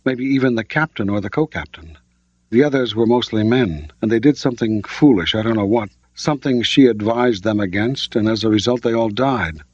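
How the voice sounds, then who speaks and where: A man's voice: lowish voice, brisk, no room sound, lightly acted. A man doing a cool, evasive woman scientist. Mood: thoughtful. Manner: calm, matter-of-fact, defensive when pressed. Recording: dull lo-fi audiobook recording.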